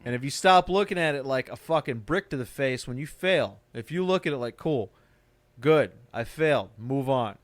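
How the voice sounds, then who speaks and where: A man's voice: mid-range voice, expressive, moderate pace, dry recording. A man who does stand-up, hosting a podcast and ranting in a casual, profane, motivational way. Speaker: podcast host; stand-up comic. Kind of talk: casual chat.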